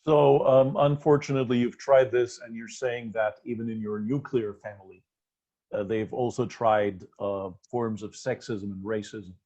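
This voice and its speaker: A man hosting an interview, asking long questions with many pauses and fillers. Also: mid-range voice, fairly even intonation, warm tone. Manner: hesitant, many fillers, long lists of terms. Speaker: interview host. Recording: dull lo-fi audio.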